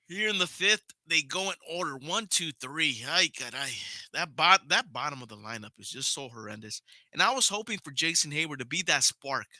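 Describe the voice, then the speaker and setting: Young man, casual baseball play-by-play, chatty, swears, talks to viewers, tense bright voice. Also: a little high, dry recording. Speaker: podcast host and play-by-play caller. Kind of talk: casual live play-by-play commentary.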